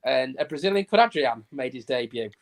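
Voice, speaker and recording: A man's voice: mid-range voice, animated, brisk, gravelly. A man, a guest on a fan podcast, running through match statistics in a chatty, easygoing way. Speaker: stats guest. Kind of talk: casual podcast chat.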